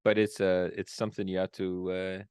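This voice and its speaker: A man's voice: deep voice, flat delivery, brisk, darkish tone, clear, resonant tone, no echo. A man co-hosting a casual podcast, teasing his co-hosts in a playful way. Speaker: podcast co-host. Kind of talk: casual chat.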